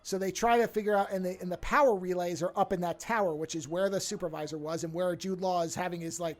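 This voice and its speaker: A woman's voice: lowish voice, quick pace. A woman hosting a podcast, recapping a TV episode in casual chat, acting out the quotes and swearing freely. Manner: animated storytelling, acts out quotes, swears freely. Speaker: podcast host.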